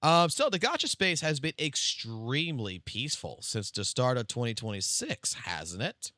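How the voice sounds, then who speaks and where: A male game streamer telling profane, animated anecdotes on a live stream. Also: medium pitch, moderate pace, dry recording, clean studio sound.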